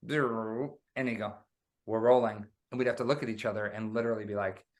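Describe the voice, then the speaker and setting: A man being interviewed about his music, telling stories in a lively, casual way and often calling the host "man". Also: on the low side, very fast. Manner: animated storyteller, says "man" often. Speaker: guest musician.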